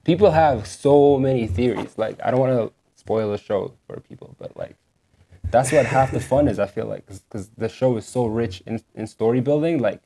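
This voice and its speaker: Rambling young man with a mellow voice. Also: mid-range voice, moderate pace, vocal fry, a little hiss or hum. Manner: animated, rambling, heavy use of "like". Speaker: podcast co-host. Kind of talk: casual chat.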